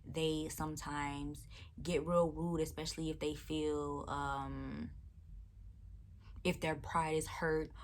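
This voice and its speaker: A woman quoting her calm, reassuring female manager in a low, soothing voice. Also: takes it slowly, slight background noise.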